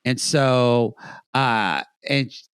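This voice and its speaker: A man co-hosting a podcast, chatting casually through a recap and acting out quotes in high put-on voices. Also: drawn-out words, fairly bright tone, smooth, no room sound, clean studio sound. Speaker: podcast co-host.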